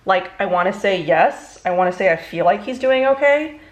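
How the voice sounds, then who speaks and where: A young woman, a beauty vlogger, chatting casually through a makeup tutorial, rambling and halting, emotionally worn out. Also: medium pitch, animated. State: emotionally exhausted.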